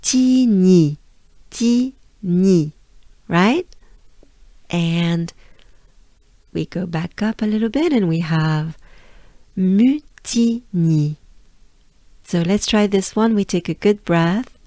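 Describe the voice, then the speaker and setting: French woman, middle-aged, unhurried pronunciation teacher, dry close sound. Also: on the low side, darkish tone, no echo. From France. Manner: repeats words slowly and patiently, laughs lightly. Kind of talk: slow pronunciation lesson.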